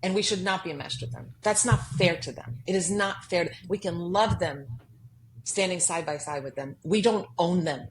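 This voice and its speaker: An earnest woman guest in a podcast studio, telling her story with emphasis. Her voice sits on the low side for a woman, and she acts out her own anxious inner voices. A faint noise hums under the recording. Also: normal speed, rough recording. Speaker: guest author.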